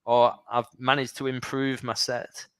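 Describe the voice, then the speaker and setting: A male comedian trades anecdotes as a radio guest and acts out the lines he quotes. His voice is smooth and resonant, recorded close and dry with no room sound. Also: medium pitch, level tone, unhurried, no echo. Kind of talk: casual chat, telling anecdotes.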